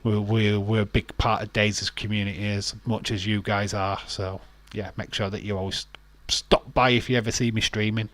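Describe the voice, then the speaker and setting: A man's voice: fairly low pitch, little pitch movement, normal speed, few pauses, a bit bright, no echo. A man hosting a casual wrestling watch-along stream, rambling, laughing often and reading out viewer comments.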